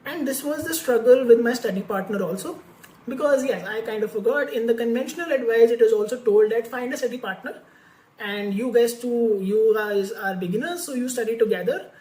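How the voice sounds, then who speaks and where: A woman's voice: a little high, brisk, warm tone, reverberant, poor audio. A woman vlogger telling a candid personal story about learning French, talking casually with many fillers and restarts.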